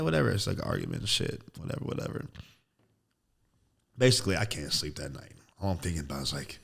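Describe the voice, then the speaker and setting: A young actor and podcast guest telling a personal story in casual chat, slangy and profane. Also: male voice, lowish voice, huge pitch swings, quick pace, vocal fry.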